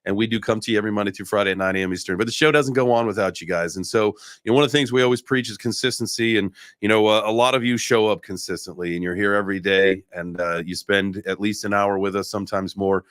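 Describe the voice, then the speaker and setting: A man's voice: on the low side, fast talker, hardly any pauses, a bit bright, no echo, studio quality. A man hosting a casual crypto livestream, talking loosely with restarts and the odd curse. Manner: loose, swearing, rambling with restarts. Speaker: livestream host.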